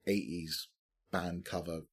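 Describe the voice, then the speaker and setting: Husky low-voiced man, hesitant. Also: flat delivery, slow. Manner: hesitant, fills with um and like. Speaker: podcast co-host. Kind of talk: casual film review chat.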